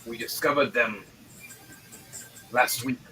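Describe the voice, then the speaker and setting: A man voicing a blunt, pipe-smoking male dwarf war leader, speaking low, quiet and unhurried. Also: steady tone, low-quality recording. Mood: grim. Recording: faint music behind.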